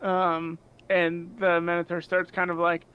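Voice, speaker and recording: A young man running a tabletop role-playing game, narrating scenes in a loose, chatty way with plenty of fillers. His voice sits high and sounds clean and smooth. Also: completely flat delivery, a little slow, narrow, tinny audio. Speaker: game master.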